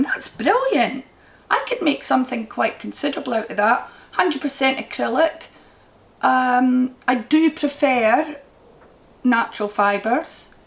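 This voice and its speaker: A woman with a Scottish accent chatting casually at home about yarn she bought, rambling and enthusiastic as she goes. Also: mid-range voice. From Scotland. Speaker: crochet vlogger. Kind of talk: casual yarn haul chat. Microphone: camera mic.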